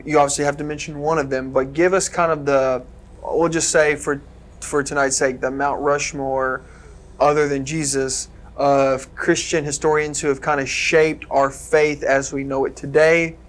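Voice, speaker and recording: A man hosting a faith podcast, introducing a topic in loose, hesitant phrasing. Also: medium pitch. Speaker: podcast host. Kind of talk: casual podcast talk.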